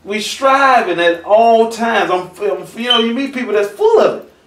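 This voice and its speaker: A man, a church elder, teaching a Bible lesson in a lively, conversational preaching manner. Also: very high-pitched, normal speed. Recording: roomy echo, from far off the mic.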